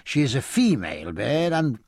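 A man's voice: medium pitch, very animated, normal speed, darkish tone, dry recording, studio quality. A man voicing a cringing, wheedling foreign bear leader who speaks broken English. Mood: fawning.

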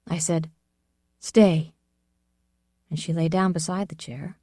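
A woman narrating a first-person story in a measured reading voice, sometimes dropping to a soft whisper. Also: low-pitched, steady tone, husky, no room sound, studio quality. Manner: measured, drops to a soft whisper at tense moments. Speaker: audiobook narrator.

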